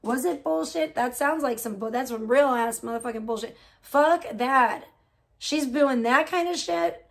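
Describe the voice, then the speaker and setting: Woman, livestream host, casual chat, gossipy, swears often, fairly high pitch. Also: a little slow. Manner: gossipy, animated, swears freely.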